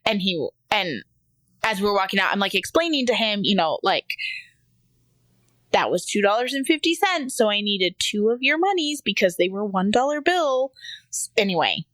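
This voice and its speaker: A woman's voice: moderate pace, no room sound. A woman co-hosting a casual podcast, telling funny family stories and acting out her kid's lines. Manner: animated storyteller, mimics her son in a high squeaky voice. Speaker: podcast co-host. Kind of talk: casual chat.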